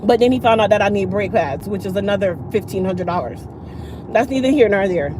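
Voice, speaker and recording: Against background noise, a middle-aged vlogger and channel host with a mid-range voice talks fairly quickly, casually telling viewers a long story. She's animated and acts out the other people she mentions.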